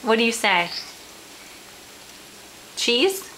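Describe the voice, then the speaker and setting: A woman filming her small child at home, speaking in a slow, unhurried way full of encouragement. Her voice sits a bit high and rings bright. The camera's own mic picks her up as she coaxes and praises. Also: very animated, a little hiss or hum, low-quality recording. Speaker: mother filming her toddler.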